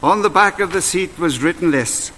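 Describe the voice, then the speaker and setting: A man giving a slow, reflective devotional talk and prayer while out on a walk. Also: high voice, sharp tone, in a large hall, slight background noise, poor audio. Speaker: preacher. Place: outdoors on a walk.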